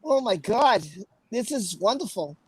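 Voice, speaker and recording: A woman's voice: on the high side, big pitch swings, a little slow, over a noisy crowd. A woman hosting a casual livestream, reading aloud, exclaiming often and breaking into laughter. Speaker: livestream host.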